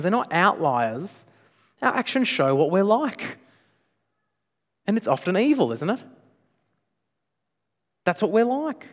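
A man preaching a sermon as pastor, emphatic, with frequent rhetorical questions. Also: high voice. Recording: long reverb of a large hall.

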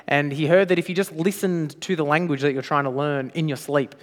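A man preaching to his congregation in a church sanctuary, his voice sitting slightly high for a man. He presses his points hard and keeps tossing rhetorical questions back at the listeners. The sound carries a long reverb tail from the large room. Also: steady tone, brisk. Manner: emphatic, with frequent rhetorical questions. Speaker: pastor. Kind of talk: sermon.

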